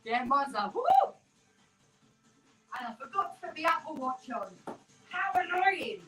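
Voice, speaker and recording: A woman's voice: sits high, very animated, measured pace, pushed and bright. A woman coaching a home workout class, chatty and encouraging, slightly out of breath as she counts reps alongside her viewers. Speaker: fitness instructor. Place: small room in a terraced house. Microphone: no microphone, camera mic from across the room. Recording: roomy, distant, with workout music. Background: faint workout music.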